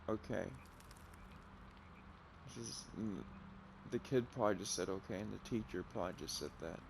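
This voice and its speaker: Creaky-voiced man musing over a game. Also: low-pitched, normal speed, pauses often, slight background noise. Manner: reads in-game notes aloud, musing. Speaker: gamer. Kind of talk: let's play commentary.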